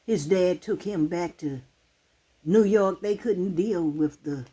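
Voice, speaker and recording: A woman, talking to her channel's viewers to camera in a heartfelt, halting, emotional way. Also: fairly low pitch, dark tone, slightly rough. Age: 60s. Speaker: channel host. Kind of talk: casual talk to camera.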